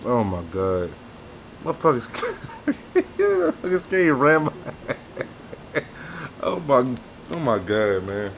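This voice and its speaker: A young man swearing and venting through gameplay commentary, with loud outbursts that sink into low, weary muttering. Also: wildly swooping pitch, slow pace, long pauses, slight background noise. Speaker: gaming YouTuber.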